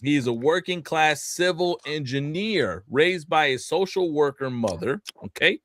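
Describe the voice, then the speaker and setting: Man, fairly high voice, animated profane rant, dry close sound. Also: measured pace, no room sound. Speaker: podcast co-host. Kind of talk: casual ranting chat.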